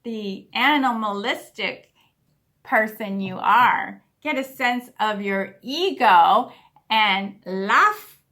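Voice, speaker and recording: A woman speaking at a spiritual service, earnest and unhurried, leading the congregation in a laughter meditation. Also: mid-range voice, lively intonation. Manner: slow and earnest, bursting into loud whoops and laughter. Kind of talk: sermon with guided laughter meditation. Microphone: online service recording.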